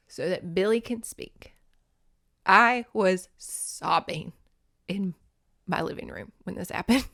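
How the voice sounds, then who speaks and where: A woman hosting a podcast, recapping a movie in an animated, emotional, casual way with some swearing. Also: mid-range voice, slow, long pauses, no room sound, clean studio sound. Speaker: podcast host.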